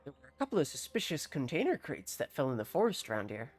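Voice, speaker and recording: A jumpy, suspicious farmer with a rusty sword, put on by a streamer reading the game's lines. He grumbles in a folksy, wary way through a deliberately bad accent. His voice swings widely in pitch. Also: huge pitch swings. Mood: grateful. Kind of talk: reading game dialogue aloud on a live stream.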